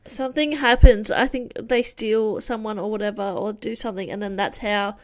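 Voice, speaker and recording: A woman in a casual book discussion who chimes in with quick agreements and laughs easily. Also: medium pitch, steady tone, a little mellow.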